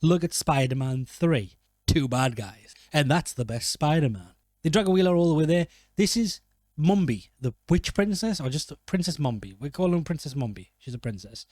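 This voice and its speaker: A man's voice: on the high side, expressive, moderate pace, darkish tone, dry recording. A man giving casual film commentary, rambling and joking, often correcting himself mid-sentence. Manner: rambling, jokey, self-correcting. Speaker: film reviewer.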